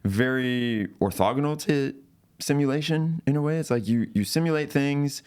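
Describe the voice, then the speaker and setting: A man's voice: medium pitch, moderate pace, smooth. A man hosting a podcast, asking casual questions and telling stories with easy laughter. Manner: casual, laughs easily, animated storytelling. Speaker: podcast host. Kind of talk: casual interview chat.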